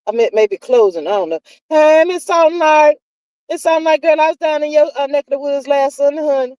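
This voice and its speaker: Reading viewer comments on her live stream, a sassy woman drawls her way through casual gossip and addresses everyone as honey and child. Her voice is high, a little mellow and fairly quick, caught in a rough recording without echo.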